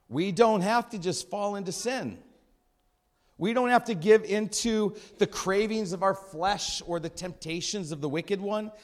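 A man preaching a sermon as a church pastor, animated, acting out voices and shouting at times. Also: high-pitched, measured pace.

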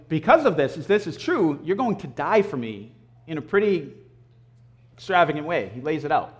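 A man giving a conversational sermon, animated and storytelling, often clearing his throat. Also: fairly high pitch. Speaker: preacher.

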